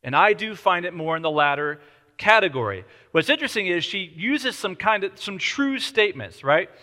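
Bright-voiced male preacher in a reverberant hall. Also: sits high, lively intonation, normal speed. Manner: conversational, explanatory. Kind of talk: sermon explaining scripture.

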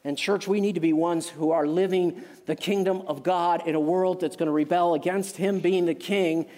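A middle-aged man preaching to his congregation, his voice sitting a little high for a man. He mixes emphatic declarations with personal anecdotes and wry asides about himself. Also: fairly even intonation, moderate pace, warm tone. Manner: emphatic preaching with personal stories, frequent asides and self-deprecating jokes. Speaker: pastor. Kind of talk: sermon.

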